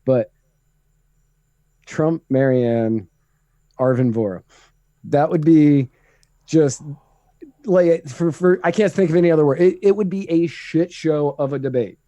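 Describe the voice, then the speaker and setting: A man's voice: fairly high pitch, measured pace, pauses often, warm tone, dry recording. A man co-hosting a podcast, giving opinionated, rambling political takes in casual chat. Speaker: podcast co-host.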